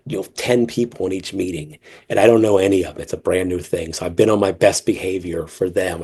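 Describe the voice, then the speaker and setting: A man's voice: fairly low pitch, a little mellow, breathy edge. A man guesting on a podcast, talking casually with many restarts and frequent laughter, joking and swearing freely. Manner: profane and joking. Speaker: guest author.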